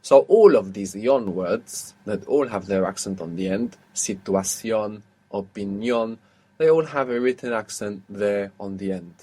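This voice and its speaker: Guy teaching a language lesson, patient, keeps quizzing and repeating words slow. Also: on the low side, expressive, dark tone, husky.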